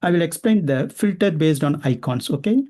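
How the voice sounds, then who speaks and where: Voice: mid-range voice, animated, moderate pace, dark tone. Instructor walking a class thru it step by step, keeps asking em questions. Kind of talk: classroom teaching.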